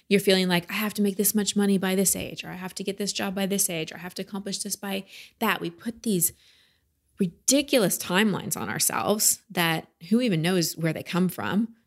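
A woman's voice: on the low side, vocal fry. A middle-aged woman hosting a podcast as a life coach, talking in an earnest, chatty way with small laughs. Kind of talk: podcast monologue.

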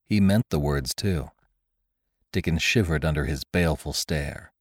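A man narrating an adventure story for a podcast in a steady, measured way. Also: extremely low pitch, no echo, clean studio sound.

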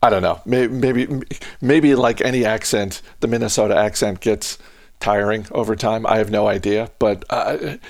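A man's voice: fairly low pitch, fairly even intonation, moderate pace, gravelly, no room sound, studio quality. A man hosting a casual podcast chat, musing aloud with lots of hesitant restarts. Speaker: podcast host.

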